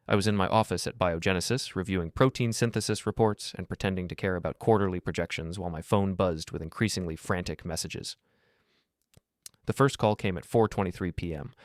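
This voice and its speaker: A man giving calm, cold, measured first-person scripted narration. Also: sits low, dry recording, studio quality.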